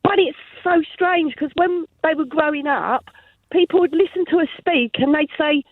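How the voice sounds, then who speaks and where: High-voiced woman with a Kent accent, on a tinny phone line. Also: normal speed, no echo. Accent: Kent (Medway). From Chatham, Kent, England. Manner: chatty, laughing storyteller. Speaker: caller. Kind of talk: phone-in call.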